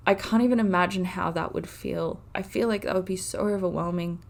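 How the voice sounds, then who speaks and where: A woman's voice: fairly low pitch, a little fast, creaky, hardly any pauses. A woman in her twenties hosting a casual solo podcast, talking earnestly and from the heart with frequent "like" fillers. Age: 20s. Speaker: podcast host.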